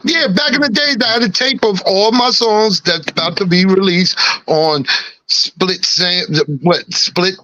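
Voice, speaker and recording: A middle-aged man with a slight lisp, talking in a relaxed, laughing way on a podcast. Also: high-pitched, unhurried, no echo, low-quality recording. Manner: laid-back, laughing, peppered with "you know what I'm saying". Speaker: guest rapper. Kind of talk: casual podcast chat.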